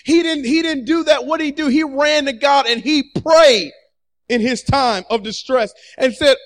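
A man with a strikingly high voice delivers a fervent sermon. He works the congregation with call-and-response, repeating his key lines and pushing the crowd to answer back. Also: a little slow. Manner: energetic call-and-response preaching, repeating phrases. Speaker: preacher.

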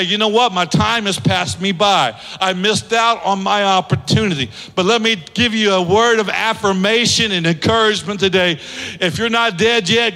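Bright, high-voiced male pastor preaching. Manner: acts out quoted voices, asks the congregation to respond. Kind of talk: sermon. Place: church sanctuary. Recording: long church hall reverb.

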